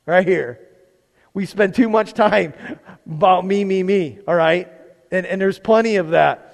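In a church sanctuary, a male pastor gives a conversational sermon, frequently questioning the congregation and repeating words. His voice sits high and a little slow, with vocal fry. A long hall reverb colors the recording.

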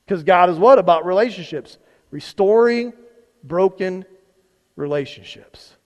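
Man, pastor, sermon, conversational, rhetorical questions, high voice, long church reverb. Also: expressive, a little slow, dull audio. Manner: conversational preaching with rhetorical questions and repeated words. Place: church sanctuary.

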